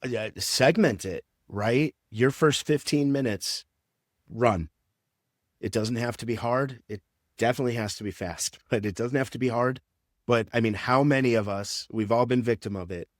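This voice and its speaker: A man's voice: mid-range voice, normal speed, dry recording, studio quality. A man who works as a strength and conditioning coach, explaining training in a casual podcast interview with lots of fillers.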